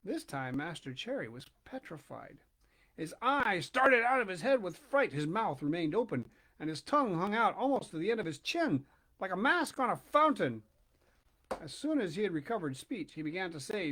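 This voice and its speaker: A man reading a children's storybook aloud, expressive and dramatic, with hushed pauses. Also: high voice. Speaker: narrator.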